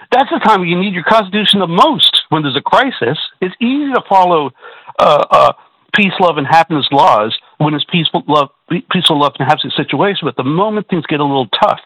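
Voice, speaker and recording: Man on a call-in show, bright forceful voice, dry sound, keeps restarting his words, worked up. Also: a little high, breathy edge, dry recording, rough recording. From Canada. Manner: agitated, repetitive, stammering restarts. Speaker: caller. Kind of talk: call-in radio talk.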